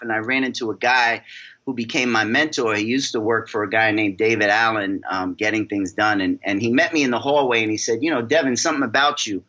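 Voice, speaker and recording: A middle-aged man with a New York accent tells his story on a podcast with an energetic, animated delivery, often acting out what others said. His voice is bright and forceful. The recording sounds a bit dull and lo-fi. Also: medium pitch. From New York City. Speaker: guest, success coach.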